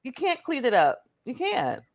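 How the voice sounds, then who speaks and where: A woman co-hosting a casual talk show, chatting in an animated, conversational way. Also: high voice, normal speed, gravelly. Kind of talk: casual live show chat.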